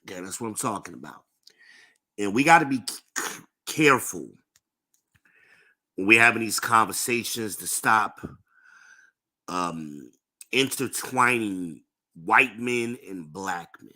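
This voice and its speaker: Podcast host, man, middle-aged; slow, lecturing delivery, bright tone. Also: fairly low pitch, expressive. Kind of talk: live-streamed podcast monologue.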